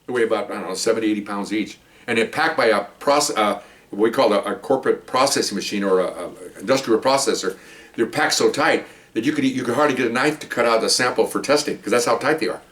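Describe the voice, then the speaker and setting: A man who works as a police officer talks fast in a lowish, slightly bright voice. His long, meandering story from the job is casual and chatty, punctuated by frequent "okay?" check-ins with whoever's listening. The mic picks him up from a bit of a distance.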